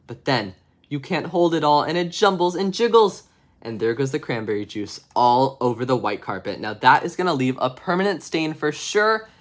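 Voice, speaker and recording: A man's voice: fairly high pitch, lively intonation, moderate pace. Playful man reading bedtime stories. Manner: playful, chatty asides to viewers. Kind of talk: casual storybook reading on a livestream.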